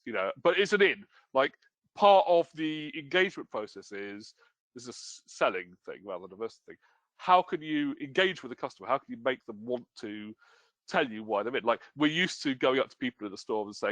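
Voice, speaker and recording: A man's voice: medium pitch, lively intonation, a little fast, no room sound. A British man presenting a webinar as a game store owner, talking casually with lots of fillers and self-deprecating humor. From United Kingdom.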